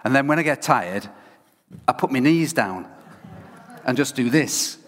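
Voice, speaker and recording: In a hall with long reverb, a man preaches a conversational sermon at an unhurried pace and medium pitch. He tells stories animatedly, often restarting his sentences.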